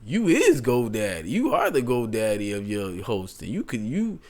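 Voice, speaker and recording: A man talks through a tech tutorial in a loose, chatty way, drifting off topic before he comes back to it. His voice sits at an ordinary pitch, and his speech carries features. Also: huge pitch swings, moderate pace. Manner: chatty, rambling, digressive. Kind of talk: casual screen-share tutorial.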